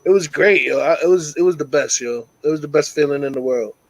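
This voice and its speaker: This is a middle-aged man with a slightly high voice hosting a live call-in show. He tells long personal stories in a loose, casual chat style, swearing freely and getting animated. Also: fast talker, no echo, poor audio. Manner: profane, animated storyteller. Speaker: host of a call-in talk show.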